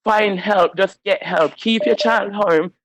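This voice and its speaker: A woman's voice: medium pitch, slow, low-quality recording. A woman calling in to a phone-in show, speaking heatedly and emphatically in slang because she is upset. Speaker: caller. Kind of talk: impassioned phone-in rant.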